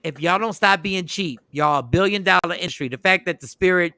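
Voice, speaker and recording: A man hosting a casual talk show, telling animated stories, acting out scenes and laughing often. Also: high voice, a little fast, creaky, no echo, clean studio sound. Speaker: podcast host. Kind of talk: casual chat.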